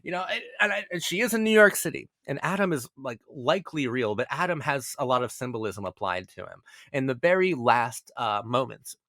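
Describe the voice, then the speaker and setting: A man giving a casual spoken analysis as a video essay host, animated and excitable, stumbling over repeated words and swearing casually. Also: medium pitch, a little fast, few pauses, dry recording, studio quality.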